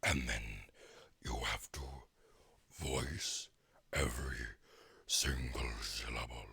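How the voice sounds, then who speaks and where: A man voicing a menacing male cartoon villain, with a deep, gravelly voice that leans hard on every syllable. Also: steady tone, slow pace, pushed and bright, heavily acted.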